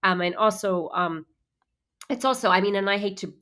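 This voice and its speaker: A woman's voice: medium pitch, moderate pace, sharp tone. A woman from Zimbabwe, an actor and podcast guest, talking candidly in a casual interview and thinking aloud as she explains.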